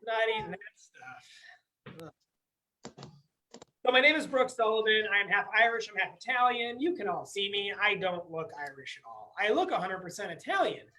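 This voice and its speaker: Bright-voiced young male stand-up comic. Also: high-pitched, lively intonation, brisk, few pauses, poor audio. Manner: conversational, acts out voices with a tough-guy swagger. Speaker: stand-up comedian. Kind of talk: stand-up comedy set. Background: audience laughter.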